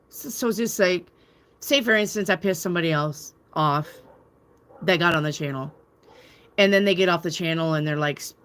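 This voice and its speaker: Woman, tarot reader, casual live-stream chat, lowish voice, rambling, candid, swears. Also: a bit bright. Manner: rambling, candid, swears freely, reads viewer comments aloud. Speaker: tarot reader and channel host.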